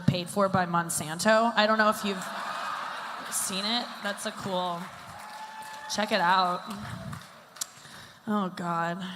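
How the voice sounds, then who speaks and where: A woman's voice: mid-range voice, a bit bright, slight background noise. A woman in her thirties doing a stand-up comedy set on stage, rambling and self-deprecating with lots of "like". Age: 30s. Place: stage before a live audience. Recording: long hall reverb, faint ambience.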